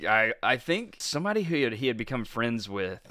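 A man's voice: medium pitch, very animated, a little fast, pushed and bright, no echo, clean studio sound. A man co-hosting a podcast, telling a history story in a casual chat, laughing often and filling with "like". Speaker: podcast co-host.

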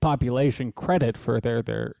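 A man co-hosting a casual talk show, trading dry, sardonic remarks. His voice is mellow and dark, recorded close up and dry with no room sound. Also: mid-range voice, normal speed, creaky, no echo. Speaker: podcast co-host. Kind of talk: casual chat.

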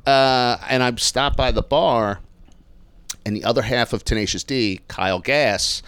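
A man's voice: mid-range voice, unhurried, smooth, dry recording. A man with a Philadelphia accent telling a story on a podcast, acting out the voices of the people in it. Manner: animated, acts out voices in his stories, laughs a lot. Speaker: podcast co-host. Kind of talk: casual storytelling chat.

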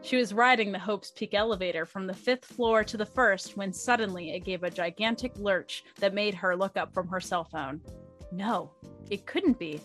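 A young woman reads a story aloud in a casual, chatty way, with some giggles along the way. Her voice sits at a middle pitch. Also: normal speed, fairly bright tone, soft background music. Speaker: fanfic reader.

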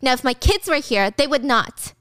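Woman doing a shrill indignant wife. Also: expressive, moderate pace, fairly bright tone, smooth, no echo, studio quality. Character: angry middle-aged wife, indignant and scolding.

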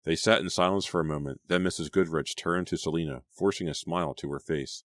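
Male audiobook narrator, very deep, dry close read. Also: dry recording. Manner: steady, measured reading.

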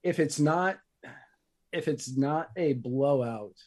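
A man's voice: on the high side, takes it slowly, darkish tone. A man co-hosting a casual political commentary show, joking and bantering with his partner. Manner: joking, bantering, laughs at his own jokes. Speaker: co-host.

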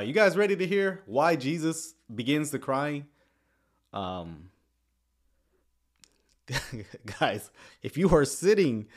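A man commenting casually on sermon clips, chuckling often and swinging between quiet asides and excited outbursts. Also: fairly high pitch.

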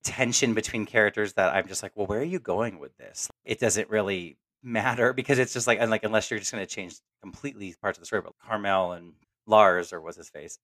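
A man's voice: fairly low pitch, fairly quick, few pauses, a bit bright, no echo. A man co-hosting a casual podcast roundtable, rambling with lots of fillers and restarts. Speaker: podcast co-host.

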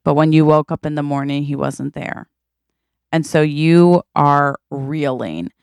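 A woman's voice: low voice, unhurried, gravelly, darkish tone, smooth, dry recording, studio quality. A woman co-hosting a podcast, playfully improvising a romantic comedy story and acting out its lines. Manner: playful, acts out lines in a put-on voice. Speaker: podcast co-host.

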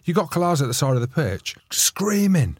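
A man, a former player co-hosting a podcast, chatting casually and telling lively stories. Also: a little high, brisk, slightly rough, no echo, studio quality. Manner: animated storyteller, mimics shouting coaches. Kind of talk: casual banter.

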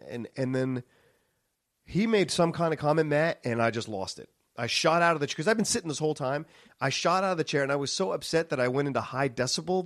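A man hosting a podcast, telling a story in a casual, animated way, swearing freely and acting out what people said. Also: fairly high pitch, brisk, no room sound, clean studio sound. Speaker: podcast host.

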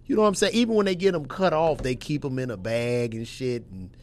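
A young man, hosting a casual podcast chat and telling stories in an animated, profane way. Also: brisk. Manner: animated storyteller, acts out voices with loud jumps in pitch, profane.

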